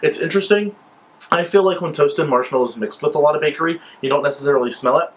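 A man's voice: on the high side, fast talker, poor audio. A man vlogging a casual product review of scented wax melts, gushing and enthusiastic as he sniffs each one.

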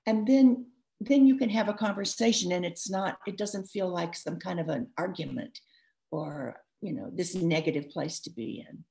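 Woman with a gravelly, lively voice. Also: lowish voice, normal speed. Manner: lively, rambling with restarts and asides. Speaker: author discussing her book. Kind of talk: live interview, advice talk.

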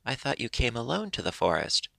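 A man's voice: mid-range voice, big pitch swings, gravelly, fairly bright tone, no echo, pitched above the performer's own voice. A man reading the part of a fussy, nosy, half-blind old gray squirrel in a storybook. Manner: gossipy, quick and nosy.

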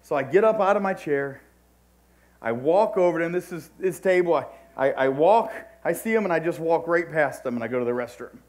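Pastor guy preaching, kinda high voice, tells his story casual then gets loud and pushy about it. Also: lively intonation, a little fast. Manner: conversational testimony, swinging between hushed retold dialogue and raised exhortation. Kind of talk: sermon storytelling.

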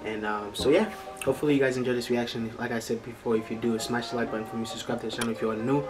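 A man's voice: mid-range voice, very fast. Hyped young man reacting, music behind. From United States. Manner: hyped, exclamatory, voice cracking with excitement. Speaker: YouTube reaction host. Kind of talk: excited music video reaction. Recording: music from the video playing loud behind. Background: music video playing.

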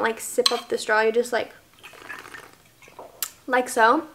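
Young american woman in her early 20s vlogging at home, high voice, gushy and chatty, lots of fillers, camera mic. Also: a bit bright, slight background noise. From United States. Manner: bubbly, gushing, chatty with many fillers. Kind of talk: casual favorites vlog.

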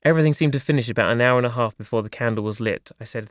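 Guy reading his memoir, quiet and wry, super dry booth sound. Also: mid-range voice, racing, hardly any pauses, dry recording. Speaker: audiobook narrator.

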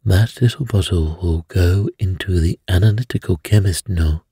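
A man voicing a placid, precise middle-aged male detective in a bedtime story, speaking calmly and gravely. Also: low-pitched, no echo, heavily acted. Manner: calm, grave and measured.

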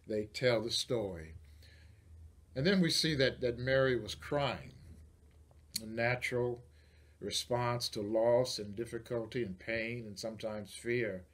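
A man, a pastor, preaching a sermon, moving from quiet storytelling to loud, rising declarations. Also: medium pitch.

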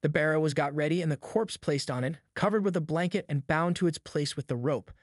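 Male audiobook narrator, measured storytelling, fairly high voice, dry booth sound. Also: no room sound.

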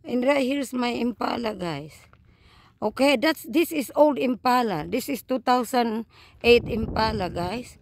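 A woman's voice: on the high side, animated, unhurried, creaky. An older woman with a Filipino accent, a truck driver vlogging casually outdoors at a campground and talking straight to her viewers. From Philippines. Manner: upset, talks straight to viewers with repeated "guys" and "okay". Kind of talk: casual vlog walkthrough. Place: outdoors at a campground, then inside a small home.

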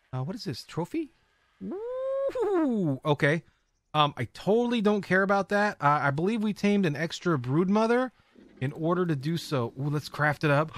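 A man giving casual running commentary as he plays a video game, talking to his viewers and often bursting into excited exclamations. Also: a little high, no room sound. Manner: excitable, squeals often, chatty. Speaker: game streamer.

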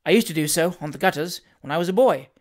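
A reader voicing a stout elderly gentleman in an audiobook, emphatic and stern when he gives orders. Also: medium pitch, fast talker, lightly acted. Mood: mild. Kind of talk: audiobook character reading.

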